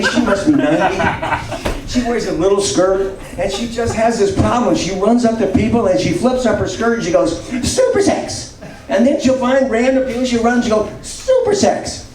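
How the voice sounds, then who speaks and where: A man in his seventies doing a self-mocking, rambling stand-up set. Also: extremely high pitch. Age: 70s. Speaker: stand-up comedian. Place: comedy club stage. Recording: echoey club, distant mic, audience. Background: crowd laughter.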